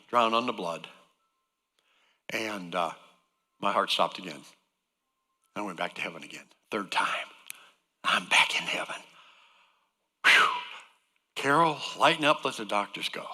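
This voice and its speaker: Man, church testimony, emotional storyteller, tense bright voice, reverberant hall. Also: fairly low pitch. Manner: emotional storytelling with wry asides. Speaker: guest speaker sharing a testimony. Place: church sanctuary.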